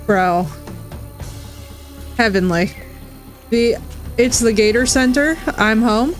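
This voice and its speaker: This streamer's voice is fairly high and her pace slow as she reacts live to the game she's playing. She speaks in enthusiastic, exclamation-heavy bursts over faint game music.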